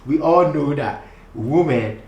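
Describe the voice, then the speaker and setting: A man's voice: on the high side, expressive, slow, darkish tone. A young man co-hosting a couple's channel, speaking casually and straight to viewers with slang like bro and guys. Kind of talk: casual chat. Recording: roomy room echo.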